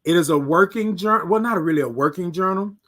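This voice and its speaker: Casting note: male host with a high voice, motivational morning livestream, repetitive and preachy. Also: fast talker. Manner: reads out viewer comments, preachy and repetitive; swings between soft hushed words and loud emphatic bursts.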